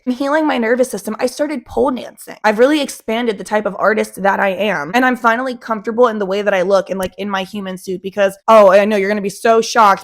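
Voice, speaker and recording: A young woman speaking candidly in a casual home vlog, chatty and frank with lots of filler words and the odd swear. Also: medium pitch. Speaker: cannabis vlogger. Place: at home with a dog in her lap.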